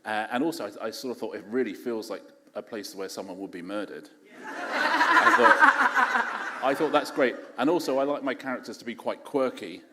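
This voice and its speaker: A man's voice: on the low side, fast, few pauses. Jokey English man in an echoey hall. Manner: chatty, self-deprecating, jokey. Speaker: author guest. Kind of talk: casual onstage conversation. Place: large festival hall on stage. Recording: echoey hall, faint background noise.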